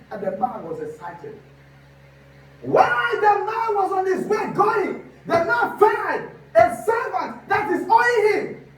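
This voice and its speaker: A man preaching with fervent energy, shouting out repeated rhetorical questions in a very high voice. His sermon bounces around a big, echoey church hall. The mic sits well away from him. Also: distant mic. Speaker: pastor.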